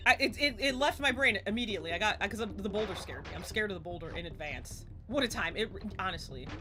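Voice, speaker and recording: A woman of about forty chatting casually while streaming a game live, excitable and swearing, often laughing and yelping at the screen. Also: medium pitch, fast talker, music in the background. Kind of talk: live gameplay stream chat. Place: home streaming setup in front of a green screen.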